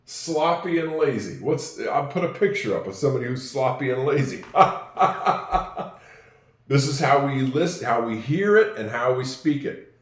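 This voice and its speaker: A man teaching spoken English in a patient way, repeating phrases slowly so learners can follow. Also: mid-range voice, expressive, roomy sound.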